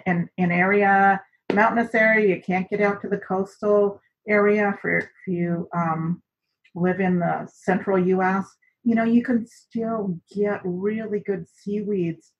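Chatty woman teaching a class on camera, gravelly voice, kinda dull lo-fi sound. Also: medium pitch. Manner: chatty, many fillers. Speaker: instructor. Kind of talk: teaching a cooking and herbal class. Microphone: recorded on camera for an online class. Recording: dull lo-fi recording.

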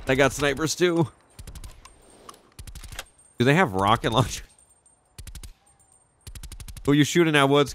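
A young man casually commenting as he plays a video game, excitable and profane, reacting out loud to the action. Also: medium pitch, slight background noise. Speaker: gaming channel host. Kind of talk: casual let's-play commentary.

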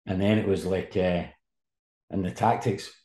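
A man in his fifties, a sports journalist guest, telling animated anecdotes in casual conversation. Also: low-pitched, measured pace. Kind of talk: casual storytelling. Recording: roomy echo.

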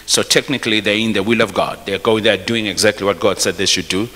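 A man's voice: fairly low pitch, steady tone, quick pace, sharp tone, in a large hall. A pastor preaching a sermon. He reads scripture aloud, stops to explain it, and often repeats and restarts his phrases. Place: church hall.

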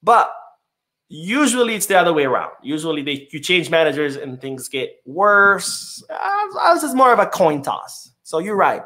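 A man's voice: on the high side, very animated, normal speed, sharp tone. Chatty man hosting a live-stream podcast. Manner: chatty, loose, many fillers and restarts. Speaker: podcast host reading live chat. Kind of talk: casual live-stream commentary.

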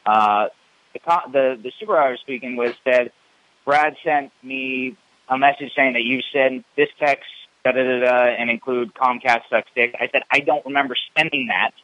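A man calling in an indignant, halting way with lots of fillers and restarts, over muffled phone audio. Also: medium pitch, fairly even intonation, dry recording. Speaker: caller. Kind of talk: phone complaint.

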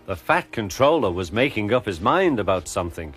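A man narrating a storybook tale in a lively, expressive reading voice, with music playing behind. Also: on the low side, a little fast, husky.

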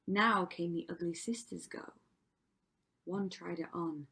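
A woman's voice: lowish voice, steady tone, measured pace, sharp tone, slightly rough. A woman teacher reading a rhyming story aloud to children with dramatic delivery, often dropping to a whisper. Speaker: primary school teacher.

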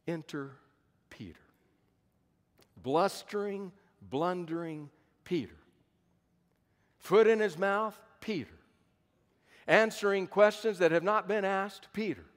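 A man's voice: sits high, slow, pauses often. A pastor in his fifties preaching a sermon at a conference, telling the story dramatically with emphatic repetition. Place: conference hall. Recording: long hall reverb.

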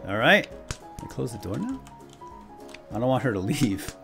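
A man hosting a let's play, talking over his game in a bright, upbeat register. His voice swings widely, from low muttered asides to high whooping outbursts, and he chuckles often as he jokes along. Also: brisk, faint music behind. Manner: excitable, jokey, with frequent chuckles and whooping outbursts. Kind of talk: playful gameplay commentary.

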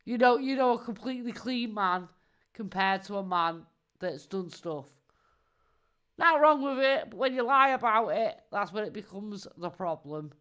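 A woman's voice: mid-range voice, lively intonation, normal speed, fairly bright tone. A woman, giving casual live-stream commentary in a mocking tone, laughing often and swearing freely.

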